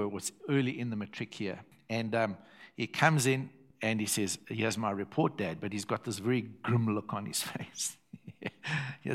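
A man's voice: mid-range voice, fairly bright tone. An older man with a South African accent, preaching a sermon built around a personal story and repeating phrases for effect.

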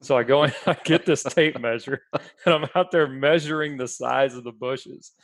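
A man co-hosting a podcast, spinning a casual story with laughs along the way. His mid-pitched voice sits close and dry on the mic, with no room sound at all. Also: normal speed, no echo. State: under the weather. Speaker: podcast co-host. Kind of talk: casual chat.

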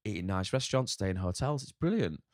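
A man's voice: low-pitched, lively intonation, fast talker, no room sound, studio quality. A man with a northern English accent, a chef talking frankly in a casual podcast interview, swearing a lot and rambling. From north of England. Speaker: chef guest.

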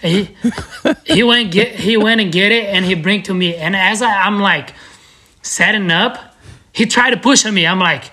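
A man's voice: high voice, moderate pace, pushed and bright. A man from Brazil, a guest on a podcast, telling a story in a loose, laughing, profane way with lots of restarts. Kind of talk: casual storytelling.

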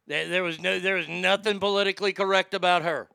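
A man's voice: high-pitched, steady tone, quick pace, creaky, pushed and bright, clean tone, no room sound. A man casually telling candid, profane, rambling stories to a familiar audience. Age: adult. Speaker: storyteller.

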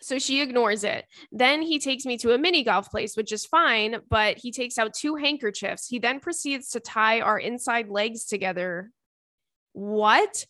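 Chatty bright-voiced woman host. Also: a little high, a little slow, dry recording, studio quality. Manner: chatty, swearing, lots of fillers and laughs. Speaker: podcast host. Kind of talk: casual chat, reading listener emails.

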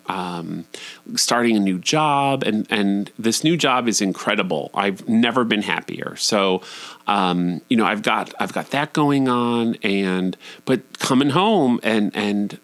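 A man in his thirties telling a candid, profane personal story, often jumping up high in pitch. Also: fairly bright tone.

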